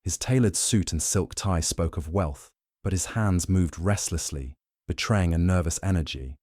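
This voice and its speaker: A man narrating a mystery audiobook in a measured, even storytelling manner. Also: low voice, no room sound, studio quality.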